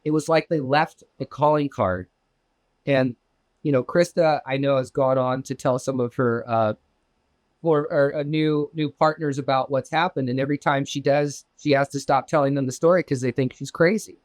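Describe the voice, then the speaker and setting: Speaking at a normal pace with no echo, a Southern California man tells an interviewer a personal UFO story. He's animated and profane, and he performs the other people's lines with big jumps in pitch.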